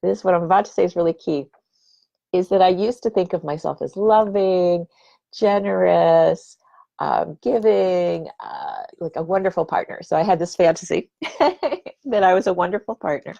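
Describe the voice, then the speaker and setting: A middle-aged woman talks in an earnest, emphatic way and leans on repeated words to drive each point home. Her fairly low voice carries a gravelly fry. The recording sounds dull and lo-fi. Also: moderate pace, mellow. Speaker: podcast host. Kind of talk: reflective personal talk.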